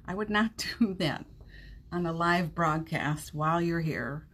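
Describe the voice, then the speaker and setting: A woman hosting a live-streamed motivational podcast from home, chatting warmly, laughing often and reading viewer comments aloud. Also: low-pitched, unhurried, a little hiss or hum. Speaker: podcast host. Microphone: streaming setup at home.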